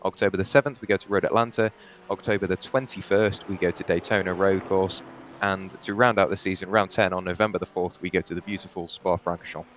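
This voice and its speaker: A man's voice: low voice, fairly even intonation, quick pace, a bit bright, slight background noise. A young man doing live sim racing commentary, chatty and rambling, with frequent restarts and asides.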